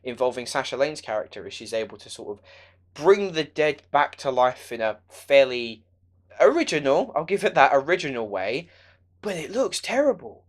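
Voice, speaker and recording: A young man delivers an exasperated, sarcastic film review rant. His voice sits at an ordinary middle pitch. He swings between fed-up grumbling and bursts of louder outrage. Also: sing-song, normal speed. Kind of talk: ranting movie review vlog.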